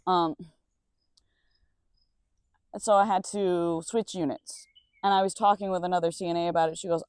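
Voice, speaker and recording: Young adult vlogger outdoors, mid-pitched, blunt and sweary, casual storytime, dry close mic. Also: steady tone, moderate pace, pauses often, clear, resonant tone, no room sound. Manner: rambling and blunt, swears freely. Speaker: nursing assistant. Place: outdoors with crickets around.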